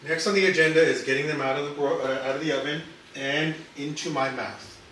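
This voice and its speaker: A man hosting a cooking video, chatting in a relaxed, rambling way as he builds sandwiches. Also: fairly high pitch, a little fast, noisy background. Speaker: cooking channel host. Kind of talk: casual cooking chat. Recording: very echoey room, mic far off.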